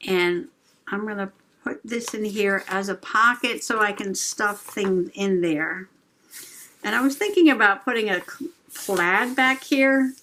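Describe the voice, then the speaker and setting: Slow, chatty, giggly middle-aged woman. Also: mid-range voice, bright, forceful tone, a little hiss or hum. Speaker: journaling channel host. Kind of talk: casual crafting chat.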